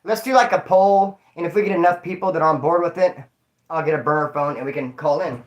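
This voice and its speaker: Man, high voice, slangy, profane, rambling livestream storytelling. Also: fast, lo-fi sound.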